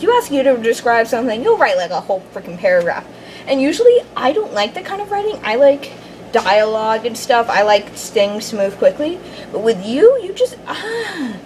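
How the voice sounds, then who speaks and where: A woman's voice: fairly high pitch, a little hiss or hum, rough recording. A young woman giving a casual, rambling video review of fan fiction, hyper and gushing, with many fillers and restarts. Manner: bubbly, rambling, fangirling, lots of fillers and restarts. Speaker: fanfiction reviewer.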